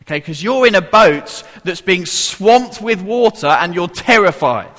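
A playful man leads a children's Bible story in church, drawing the congregation in as he goes. His voice sits high and bright and swoops animatedly. The long reverb of a large hall trails behind every line. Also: lively intonation, measured pace. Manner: playful, coaxing the audience to join in. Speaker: church leader giving a children's talk. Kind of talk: interactive children's Bible talk.

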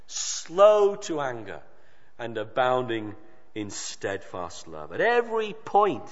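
Man preaching in an echoing hall. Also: a little high. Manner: emphatic, with dramatic pauses and quoted dialogue. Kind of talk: sermon. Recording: dull sound with long reverb of a hall.

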